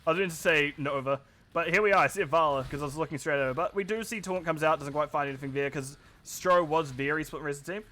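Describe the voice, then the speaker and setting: Male esports caster, New Zealand accent, slightly high voice, loose chatty play-by-play with joking asides. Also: fast, pushed and bright. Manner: chatty, self-deprecating, rambling asides. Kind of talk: live esports play-by-play commentary.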